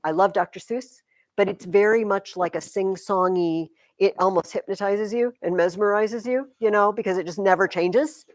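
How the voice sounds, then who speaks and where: A woman teaching high school English, talking her class through poetry in a loose, chatty way. She sounds close and dry in the classroom. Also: moderate pace, dry recording. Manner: chatty, explains with sing-song rhythm examples. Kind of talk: classroom lecture.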